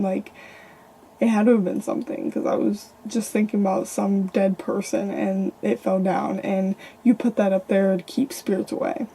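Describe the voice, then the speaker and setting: A woman's voice: medium pitch, flat delivery, normal speed, vocal fry, dark tone, slight background noise. A young woman vlogger casually telling her own ghost stories, chatty and rambling with lots of fillers. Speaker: paranormal vlogger. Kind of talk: casual storytelling to camera.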